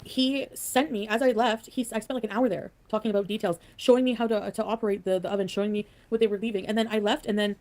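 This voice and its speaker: Quick, rambling woman streamer. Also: mid-range voice, fairly even intonation, darkish tone. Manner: rambling, hesitant, full of "like". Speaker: streamer in the reacted clip. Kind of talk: rambling live-stream storytelling.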